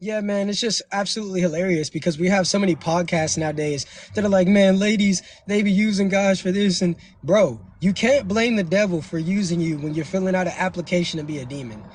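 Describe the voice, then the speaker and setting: A high-voiced man talking fast and lecturing his livestream viewers. His delivery is slangy and preachy, and a faint hiss sits under his voice. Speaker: livestream host. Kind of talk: casual livestream talk.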